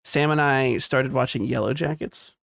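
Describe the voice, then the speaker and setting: A man's voice: normal speed, gravelly, fairly bright tone, no echo, clean studio sound. A man co-hosting a casual podcast, rambling and joking as he talks through TV and game news. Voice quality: fairly high, youthful voice. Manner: rambling, joking, self-interrupting. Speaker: podcast co-host. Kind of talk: casual chat.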